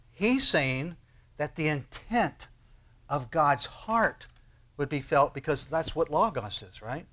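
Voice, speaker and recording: A man preaching a sermon in a conversational, animated way, acting out prayers and asking rhetorical questions. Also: a little high. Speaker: pastor.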